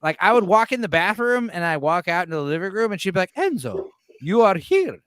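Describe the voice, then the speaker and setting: A man hosting a late-night stream, rambling in animated bursts, laughing and swearing. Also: sits high, quick pace, clear, resonant tone. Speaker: streamer host. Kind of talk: casual stream chat.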